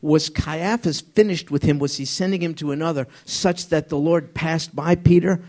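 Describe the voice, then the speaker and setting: A man teaching an informal Bible study to a small group, conversational and halting, often asking them questions. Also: a little high, steady tone, darkish tone.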